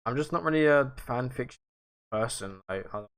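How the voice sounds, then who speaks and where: A man's voice: mid-range voice, expressive, normal speed. Rambling young guy streaming. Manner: rambling, loose and self-mocking, swears casually. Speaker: livestream host. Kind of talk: casual livestream chat, answering viewers.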